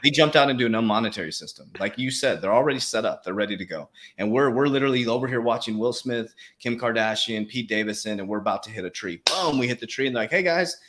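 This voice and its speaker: A man hosting a casual crypto livestream, talking fast and animated with slang and quick laughs. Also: mid-range voice. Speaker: crypto coach, livestream host.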